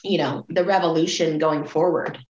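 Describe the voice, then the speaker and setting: A woman's voice: low voice, normal speed, darkish tone. A middle-aged woman talking candidly in a casual group chat, blunt and swearing freely. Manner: blunt, swears freely, acts out quoted people. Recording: roomy, dull lo-fi sound.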